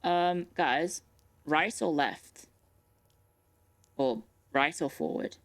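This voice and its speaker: Low-voiced nervous woman streaming a game. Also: drawn-out words. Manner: chatty, nervous, repeats herself when spooked. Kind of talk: live game stream commentary. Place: bedroom at home. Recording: faint music in background.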